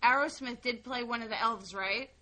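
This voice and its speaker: A woman co-hosting a casual interview, chatting in a quick, joking way. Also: on the high side, bright, forceful tone. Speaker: co-host.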